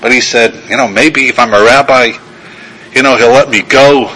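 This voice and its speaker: A man's voice: medium pitch, fairly even intonation, moderate pace, pushed and bright, low-quality recording. An older man, a rabbi, giving a talk and telling a story in a self-deprecating, storytelling manner, acting out the characters. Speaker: rabbi and guest lecturer. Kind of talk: sermon-style talk with anecdote.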